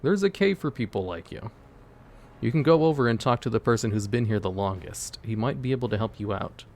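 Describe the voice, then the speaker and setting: A man's voice: mid-range voice, lively intonation, fairly quick, darkish tone, close to an everyday voice. A man doing a firm kindly old man. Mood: earnest.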